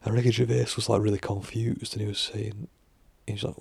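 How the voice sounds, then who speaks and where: A vlogger muses aloud in a loose, rambling monologue, his deeply gravelly, husky voice sitting a little low, level in tone and fairly quick, slightly mellow. He circles back, uses plenty of fillers and restarts, and swears casually, in a dry, close recording with no echo.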